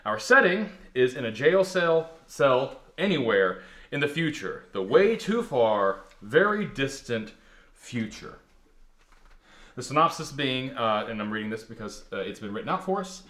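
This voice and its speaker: A man from the US Deep South hosting a podcast, laughing, rambling and self-mocking as he introduces a play reading. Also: very animated, a little slow, fairly bright tone. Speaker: podcast host. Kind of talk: casual chat and play introduction. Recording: roomy echo.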